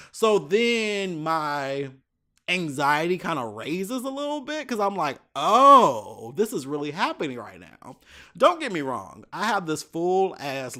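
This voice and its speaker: A man's voice: high-pitched, pushed and bright. Profane man telling a travel story. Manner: profane, exasperated anecdote telling with many asides. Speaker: podcast host. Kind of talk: casual solo podcast storytelling.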